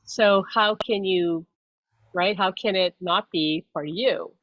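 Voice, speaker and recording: A woman's voice: on the low side, takes it slowly, no echo. Woman medium, casual chat, rambling, restarts a lot, laughs, muffled lo-fi dry audio. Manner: rambling, self-interrupting, laughs often. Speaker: psychic medium and host. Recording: dull dry lo-fi sound.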